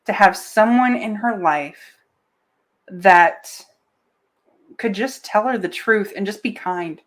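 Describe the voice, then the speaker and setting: A woman co-hosting a casual chat who speaks slowly and reflectively and adds brief replies. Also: medium pitch. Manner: slow and reflective, with soft interjections.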